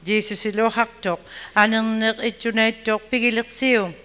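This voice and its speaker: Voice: medium pitch, steady tone, normal speed, bright, forceful tone, clean tone. An interpreter rendering a sermon phrase by phrase into another language and echoing the preacher's acting. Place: church hall. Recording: echoey hall. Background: long hall reverb.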